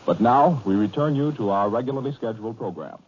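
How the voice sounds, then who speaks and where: A man's voice: on the low side, lively intonation, fast. A man making formal station announcements on 1940s radio. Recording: muffled 1940s radio broadcast.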